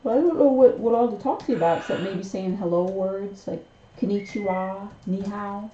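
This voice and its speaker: A woman's voice: medium pitch, moderate pace, warm tone, a little hiss or hum. Woman coaxing her bird in baby talk. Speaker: host talking to her pet bird. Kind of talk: live stream chat with a pet. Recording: roomy, slightly muffled home recording.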